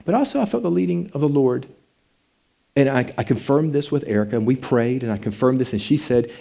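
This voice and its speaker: A man preaching in an animated, sing-song way, his pitch swinging widely. His voice is dark and mellow. He tells a personal testimony and leans into fervent, pleading passages. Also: fast talker, gravelly. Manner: animated, rising to passionate pleading then dropping low.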